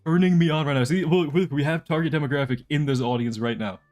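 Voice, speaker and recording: Faint music accompanies a young man live-streaming a game while he rambles and jokes with his chat. His voice is a little high and darkish, and he talks at a quick pace.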